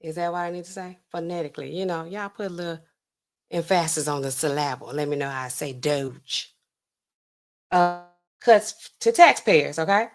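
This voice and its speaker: A chatty woman hosts a livestream, reading the news aloud and commenting casually. Her voice is low and her pace moderate, and she talks straight to the chat.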